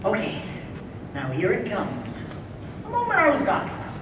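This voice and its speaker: A man playing a wistful male musical fan who narrates from his chair, talking in chatty, halting asides during a school stage musical. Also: high voice, wildly swooping pitch. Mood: musing. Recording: echoey hall from far off, noisy.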